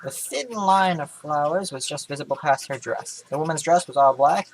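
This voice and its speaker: A man's voice: fairly high pitch, normal speed, rough recording. A tired young man casually reading a story aloud from his webcam, with sarcastic asides and stumbles over words. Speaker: gaming vlogger. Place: indoor room.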